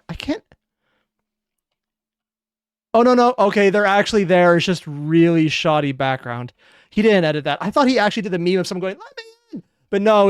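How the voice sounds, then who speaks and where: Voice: mid-range voice, clear, resonant tone, dry recording, studio quality. A reaction video host giving casual, rambling, amused commentary.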